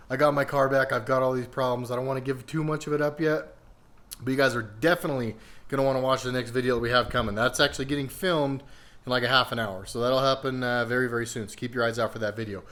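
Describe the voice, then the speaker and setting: Man vlogger, smooth clear voice, mid pitch, loose rambling delivery. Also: quick pace. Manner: relaxed, rambling with many fillers. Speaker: car vlogger. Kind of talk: casual vlog walkthrough. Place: home garage.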